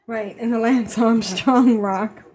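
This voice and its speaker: A woman's voice: fairly high pitch, fairly even intonation, slow pace, a little mellow, rough recording. A woman co-hosting a podcast, chatting casually and often restarting her sentences mid-thought. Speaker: podcast co-host. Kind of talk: casual chat.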